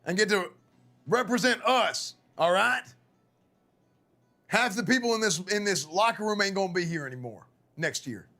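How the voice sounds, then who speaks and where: A hoarse man on a live gaming stream, rallying like a coach in a loud, profane pep talk. His voice sits high and sharp, with a forceful edge. The rasp of a worn-out voice runs through every line. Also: animated, normal speed, soft background music. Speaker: streamer playing a football coach.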